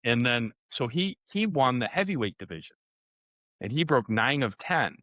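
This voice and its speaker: A man telling a story in a lively way, with sound effects and acted-out dialogue. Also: medium pitch, normal speed, dry recording, lo-fi sound. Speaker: co-host and martial arts competitor. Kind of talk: animated casual storytelling.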